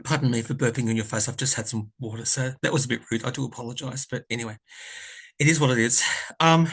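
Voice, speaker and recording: A man talks straight to his viewers in a loose, heartfelt storytelling way. He rambles, restarts and corrects himself, and lets his feelings show. His voice sits at an ordinary middle pitch for a man. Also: fast talker, fairly bright tone, husky. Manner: rambling, self-correcting, earnest and emotional. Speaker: tarot reader and vlogger. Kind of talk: casual storytelling to camera.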